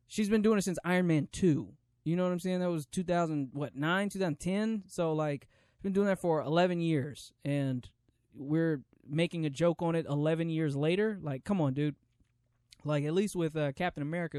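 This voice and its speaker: A man's voice: a little high, a little mellow, clear, resonant tone, dry recording, clean studio sound. A man hosting a solo podcast, rambling through a casual movie review with many fillers and restarts. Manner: rambling, filler-heavy, lots of "you know what I'm saying". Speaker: podcast host.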